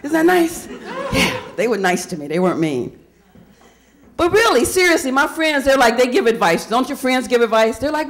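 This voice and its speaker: Female stand-up comic, high and very animated, chatty, quizzes the audience. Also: moderate pace. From Indiana, USA. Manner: chatty, quizzes the crowd with questions. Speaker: stand-up comedian. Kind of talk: stand-up comedy set.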